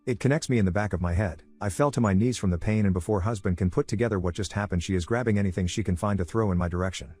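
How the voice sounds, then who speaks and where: A man narrating an online story as scripted narration, with a steady, even read-aloud delivery. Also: on the low side, racing, hardly any pauses, slightly rough, faint music behind.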